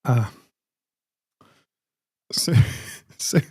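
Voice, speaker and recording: A man's voice: drawn-out words, noisy background. A man hosting a livestream in a casual, rambling chat. He laughs often and restarts his words. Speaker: livestream host.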